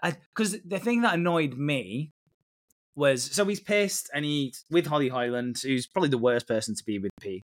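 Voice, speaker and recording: A man's voice: a little high, animated, normal speed. A man with a British accent co-hosting a podcast, casually recapping a show and swearing freely. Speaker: podcast co-host. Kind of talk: casual chat.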